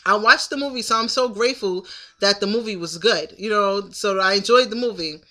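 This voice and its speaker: A woman's voice: mid-range voice, brisk, pushed and bright. A woman in her thirties telling a story to the camera in a casual, indignant venting monologue. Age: 30s. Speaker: vlogger.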